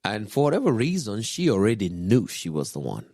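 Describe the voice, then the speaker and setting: Man, very low pitch, dry studio sound; relaxed podcast guest who tells stories with frequent chuckles. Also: a little fast, no room sound. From Kenya. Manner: relaxed storyteller, chuckling often, quoting others. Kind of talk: personal storytelling in casual chat.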